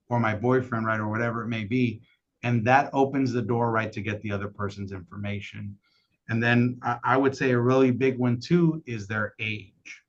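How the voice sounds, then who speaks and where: Man, mid pitch, energetic trainer on a call, keeps checking in with "right?", dull lo-fi audio. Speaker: insurance sales trainer.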